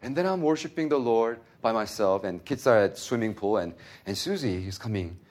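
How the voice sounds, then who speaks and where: Lively preaching pastor, low voice. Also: male voice, fairly quick. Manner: animated, swings from loud preaching to hushed storytelling. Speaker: pastor and seminary teacher. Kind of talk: sermon with personal stories.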